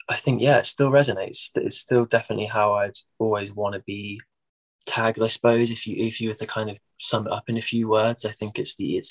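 A man's voice: on the low side, vocal fry. A young English man with a Midlands accent, a musician chatting casually in an interview with lots of fillers and restarts. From England.

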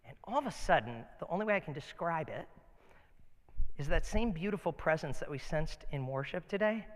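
A man preaching a sermon as pastor, telling stories in a casual, animated way in a church. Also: on the high side, brisk, long reverb tail.

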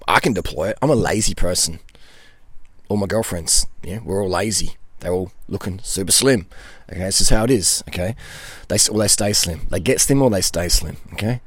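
A man's voice: lowish voice, dry recording. A middle-aged man, a nutrition coach, answering viewer questions in a blunt, ranting monologue and laughing between points.

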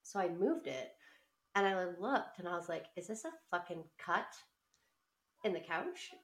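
A woman telling a story in a casual chat, animated, swearing often and laughing as she talks. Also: lowish voice, unhurried. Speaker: podcast co-host. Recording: roomy, a bit distant from the mic.

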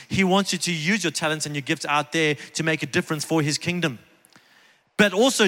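High bright-voiced guy preaching, earnest and chatty, big echoey church hall. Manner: earnest, conversational preaching with emphatic repetition. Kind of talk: sermon. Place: church sanctuary, on stage. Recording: long reverb of a large hall.

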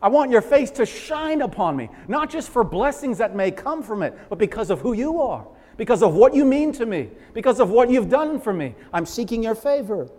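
A man preaching a sermon as pastor, fervent and emphatic, swinging from loud swells to hushed, quiet lines. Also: very high-pitched, very animated, normal speed, few pauses. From Massachusetts, USA. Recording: long reverberant hall echo.

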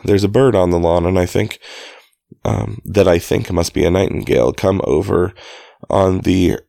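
A man with a deep gravelly voice voicing a charming, gushing young rich woman in a read-aloud story. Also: moderate pace, warm tone, no room sound, studio quality. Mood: dreamy.

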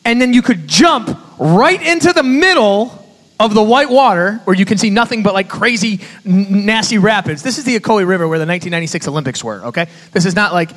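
A man, a youth pastor, giving a sermon with animated storytelling and conversational asides to his audience. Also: sits high, brisk. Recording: reverberant hall.

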